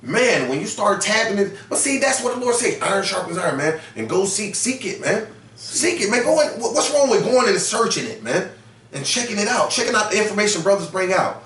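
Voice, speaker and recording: A man leading a scripture study in a loose, emphatic preaching style, his pitch sitting a little high. He keeps tagging lines with slangy asides. The recording is roomy and picked up from some distance. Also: very animated, a little fast, a bit bright. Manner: emphatic, slangy, repeats "man" and "you know what I'm saying". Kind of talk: street-style preaching commentary.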